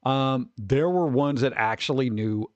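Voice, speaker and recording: On a livestream, an American VTuber streamer talks casually at medium pitch and an unhurried pace. The recording is muffled with no room sound, and he rambles, laughs frequently, and lets his sentences trail off.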